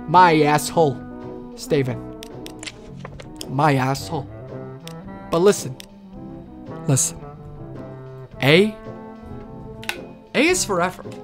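A man commenting live on a horror game, joking and swearing, chatting with in-game characters and viewers, swinging from loud outbursts to quiet mumbling. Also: a little high, expressive, a little slow, pauses often, soft background music. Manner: talks to in-game characters and chat. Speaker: let's play streamer.

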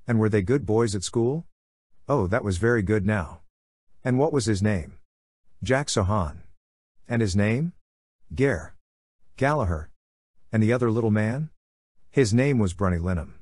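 A man with a fairly low voice reads a novel aloud in a measured, unhurried way. The sound is dry and close, with no room around it. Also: animated, a little mellow, no echo. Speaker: audiobook narrator. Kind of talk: scripted literary narration.

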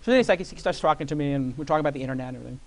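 A man in his forties on a conference stage, telling an animated story and acting out other people's voices. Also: on the high side, very fast. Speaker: guest entrepreneur. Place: conference stage before an audience.

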